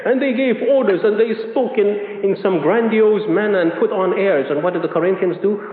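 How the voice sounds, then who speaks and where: A man's voice: high-pitched, a little fast. A man preaching a sermon, emphatic, repeating key phrases as he builds each point. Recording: echoey hall on a tinny lo-fi line.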